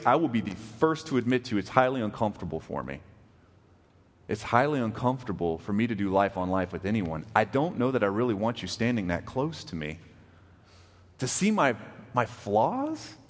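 Man, pastor, conversational sermon, mid pitch, long hall echo. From West Texas. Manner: conversational, asks the congregation questions.

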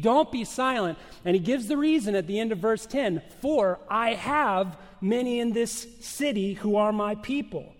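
Male pastor, high voice, slow deliberate sermon delivery, big church reverb. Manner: emphatic preaching with dramatic pauses and rhetorical questions.

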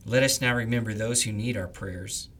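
A man leading morning prayers, reading the liturgy in a measured, reverent way. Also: fairly low pitch, fairly bright tone, a little hiss or hum. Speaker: prayer leader.

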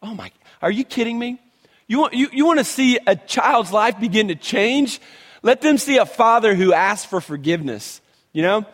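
Male pastor, animated conversational sermon, higher voice, reverberant hall. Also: normal speed. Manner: animated, conversational preaching with many restarts.

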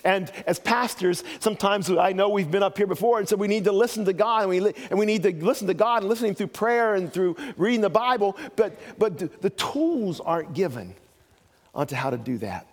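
A man's voice: high-pitched, expressive, fairly quick. Older man, pastor, sermon, folksy joking storyteller, long hall reverb.

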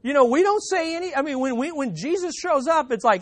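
Emphatic preacher with a lively voice. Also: male voice, very high voice, brisk, hardly any pauses. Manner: emphatic, repeats key phrases for effect; quotes imagined voices with dramatic swings in loudness. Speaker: pastor. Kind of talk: sermon.

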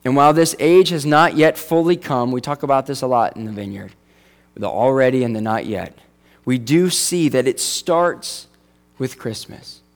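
A man's voice: medium pitch, lively intonation, normal speed. Male pastor, mid-range voice, casual sermon delivery with humorous asides. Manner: conversational, jokey asides.

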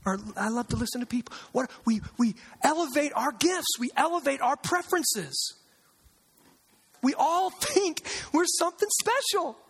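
Pastor, male, high voice, emphatic sermon in a reverberant hall. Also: expressive, moderate pace, a bit bright. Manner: conversational, emphatic, uses sarcasm and repetition.

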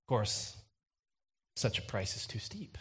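A young man preaching a sermon, telling a personal story with a light touch and building to loud, intense emphasis. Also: fairly low pitch, sing-song, measured pace, husky.

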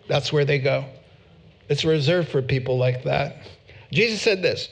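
A man's voice: fairly high pitch, fairly even intonation, normal speed. A man preaching a sermon as pastor, emphatic and repeating words for stress.

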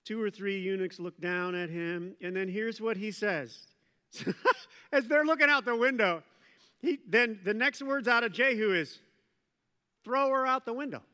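A man's voice: sits high, measured pace, smooth, in a large hall. A middle-aged male pastor preaching a sermon, retelling a story with playful jokes and asides. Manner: animated storytelling with joking asides.

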